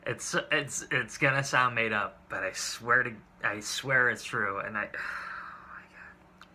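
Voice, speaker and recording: A man's voice: mid-range voice, a little slow, bright, forceful tone, slight background noise. A man in his twenties telling date stories to camera in a casual, exasperated and profane way, rambling with restarts. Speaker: vlogger.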